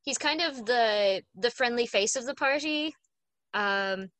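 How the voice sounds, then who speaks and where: A woman's voice: a little high, a little slow, a bit bright, dry recording. A woman who runs a tabletop game, talking casually and explaining her game at length with many fillers. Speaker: game master. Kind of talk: casual chat.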